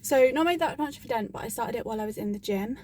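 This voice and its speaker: A woman's voice: a little high, fast, darkish tone, a little hiss or hum. A woman book vlogger talking in a casual, chatty and rambling way, with frequent "like", into a phone she holds. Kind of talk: casual vlog chat.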